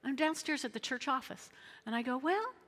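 Woman pastor, middle-aged, lively sermon, slightly high voice, repeats her lines, long church reverb. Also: a little fast. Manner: animated, repeats phrases, acts out voices. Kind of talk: lively sermon with acted-out quotes.

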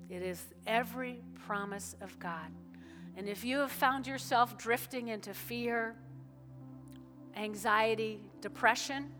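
A woman pastor giving a conversational sermon, lively and chatty, often checking in with her listeners. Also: on the high side. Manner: lively, conversational preaching with frequent "all righty?" asides. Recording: hall reverb with faint music.

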